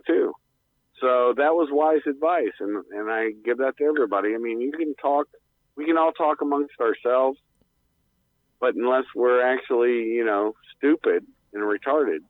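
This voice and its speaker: A man rambles bluntly over a tinny phone line, filling gaps with "uh" and "you know" and dropping the odd swear word. His voice sits at an ordinary pitch and sounds dry and boxed in. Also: normal speed, no room sound. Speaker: guest on call-in show. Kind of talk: casual rambling radio talk.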